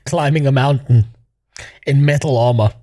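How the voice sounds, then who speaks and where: A man's voice: mid-range voice, moderate pace, warm tone. A male streamer ranting casually in a mocking tone, laughing often and rambling. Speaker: streamer host. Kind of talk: casual rant.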